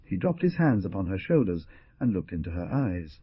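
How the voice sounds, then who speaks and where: A man narrating an audiobook in a dramatic style, with a husky voice and lively delivery of the characters' lines. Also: low voice, moderate pace, no room sound. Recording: dull, muffled studio recording.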